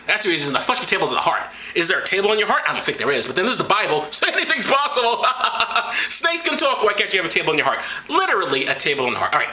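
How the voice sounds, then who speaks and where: Sarcastic man with a very bright voice. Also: sits high, very animated, racing, hardly any pauses. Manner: mocking, rambling, sarcastic. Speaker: vlog host. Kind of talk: sarcastic comedic Bible reading. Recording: roomy echo.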